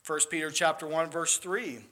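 A man's voice: a little high, normal speed, pushed and bright. A man preaching a sermon as pastor, earnest and building to emphatic peaks.

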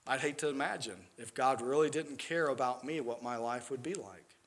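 A man's voice: medium pitch, normal speed, a bit bright. A man preaching a sermon as pastor, earnest and building to emphatic peaks.

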